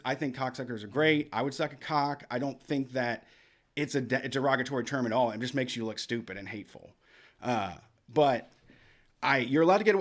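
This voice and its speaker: A man hosting a radio show, telling a long story in a rambling, profane, casual way. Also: mid-range voice. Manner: profane, rambling, with lots of restarts. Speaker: podcast host.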